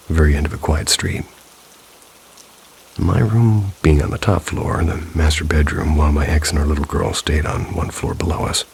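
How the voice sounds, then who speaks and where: Very deep, gravelly male storyteller. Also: a little hiss or hum. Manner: dry, wry asides. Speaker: storyteller reading viewer stories. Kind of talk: scripted narration.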